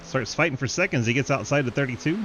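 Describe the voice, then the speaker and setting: A male commentator calls an online race live, quick with jokes and frequent laughter. His voice sits at an ordinary middle pitch and lifts when wrecks pile up. A faint hum runs under him. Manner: jokey, laughs often, excitable on wrecks. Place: home setup, online sim race broadcast.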